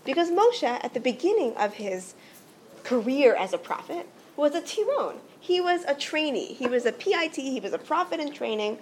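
Earnest high-voiced woman teacher. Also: sing-song, moderate pace, slight background noise. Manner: earnest, explanatory, frequent "right?" check-ins. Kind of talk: religious teaching talk.

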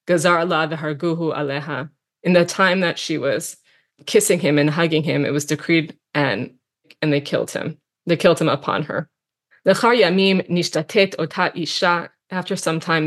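Woman with a lowish voice reading out a text n translating it bit by bit, thinking out loud w lots of ums. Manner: reads aloud and translates line by line, musing with fillers. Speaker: teacher. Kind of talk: text study lesson.

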